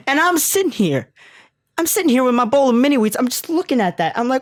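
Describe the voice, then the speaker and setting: A woman vlogger telling a comic story in a profane, slangy, animated way. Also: high voice, quick pace, no room sound, studio quality. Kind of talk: comedic storytelling vlog.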